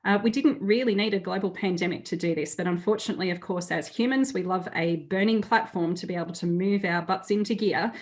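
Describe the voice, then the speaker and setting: A woman's voice: lowish voice, fairly quick, hardly any pauses. A woman with an Australian accent giving a friendly, chatty conference talk over a video call, with frequent fillers. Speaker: webinar speaker.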